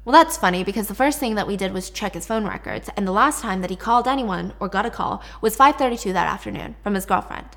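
A woman's voice: medium pitch, animated, fast talker, creaky, hardly any pauses, fairly bright tone. A woman voicing a sly police detective who asks probing, knowing questions.

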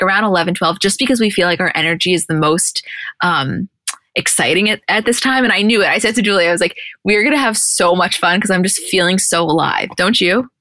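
A woman's voice: fairly low pitch, no room sound, clean studio sound. A woman co-hosting a podcast, recapping a reality show in casual chat and acting out the quotes. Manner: animated, acts out quotes from the show. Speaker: podcast co-host.

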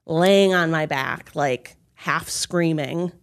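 A young adult woman in casual podcast chat, recounting events with lively acted-out quotes. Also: deep voice, slow, gravelly. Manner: animated storyteller, acts out quotes loudly. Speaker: podcast co-host telling her birth story.

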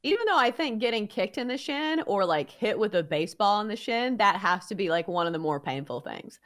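A woman's voice: medium pitch, lively intonation, a little fast, a bit bright. A young woman hosting a sports betting podcast, chatting playfully and saying "like" often. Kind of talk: casual chat.

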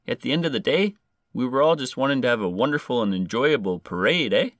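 A man's voice: mid-range voice, lively intonation, fast talker, dry recording, studio quality, voice pushed up, natural voice. A man voicing a polite Canadian male police constable with a Canadian accent, earnest and matter-of-fact.

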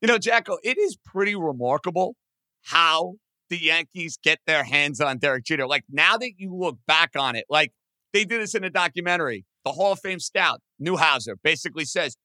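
Excitable, bright-voiced male sports podcaster. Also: fairly high pitch, no room sound. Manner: excitable, talks fast with lots of "like". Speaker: podcast co-host. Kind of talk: casual sports chat.

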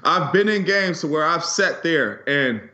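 Animated former football player, echoey lo-fi. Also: male voice, on the high side, measured pace. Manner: animated storytelling, acts out sideline talk. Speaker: former pro football player, podcast guest. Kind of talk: casual sports podcast chat. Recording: echoey room, dull lo-fi sound.

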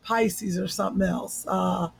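A woman from Cleveland hosting a casual podcast chat, playful and teasing, with loud bursts of laughter. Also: mid-range voice, steady tone, unhurried, gravelly, husky, rough recording. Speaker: podcast host.

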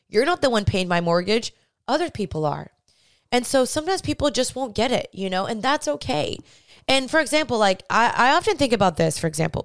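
A young woman with a fairly high, clean voice hosts a podcast, recorded at studio quality with no room sound. She gives earnest, chatty faith-based advice directly to her listeners.

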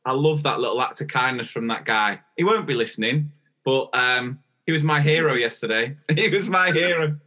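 A young man co-hosting a podcast, telling a story in an easy, chatty way and acting out bits of the dialogue. His voice is bright and forward, sitting at an ordinary middle pitch. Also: moderate pace. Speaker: podcast co-host. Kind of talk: casual chat.

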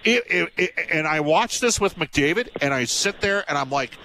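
A man co-hosting sports radio, rambling in an animated way about hockey and slipping into mock voices. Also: high voice, moderate pace, hardly any pauses, a little hiss or hum, low-quality recording. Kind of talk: heated hockey talk.

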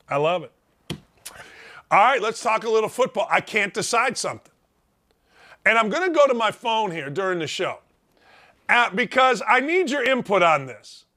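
A man hosting a sports talk show, giving an animated, sarcastic monologue that repeats names for emphasis. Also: very high voice.

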